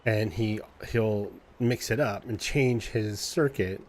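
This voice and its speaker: A man streamer chatting casually, telling an animated story in a loose, profane way and imitating cat noises. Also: on the low side, slow, slight background noise. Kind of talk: casual chat.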